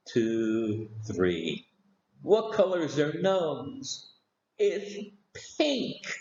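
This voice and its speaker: A man teaching young children about animals with slow, exaggerated questions. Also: a little high, darkish tone, roomy sound, highs cut off. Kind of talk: children's lesson.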